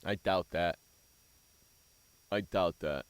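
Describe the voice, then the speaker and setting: A man's voice: low voice, slow pace, clear, resonant tone, dry recording. A man hosting a sports talk radio show, ranting bluntly and cursing freely as he argues about teams and coaches.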